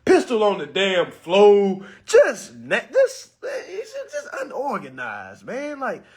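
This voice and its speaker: Lively high-voiced man telling a story. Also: slow pace. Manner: animated, profane, addresses viewers as y'all. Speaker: vlogger. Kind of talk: casual storytelling to camera.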